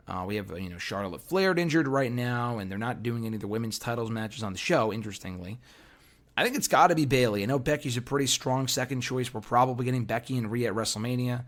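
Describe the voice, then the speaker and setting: Hoarse guy doing a solo wrestling podcast, opinionated, lots of ums, mid-pitch voice. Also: fairly bright tone. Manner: opinionated, thinking aloud with fillers. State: hoarse, losing his voice. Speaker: podcast host.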